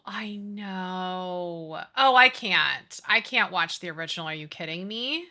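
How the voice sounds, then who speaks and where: A woman in her thirties with a medium-pitched voice talks at a slow pace while streaming a life-sim game. She chats casually and animatedly with her viewers about childhood and movies, reading their messages aloud.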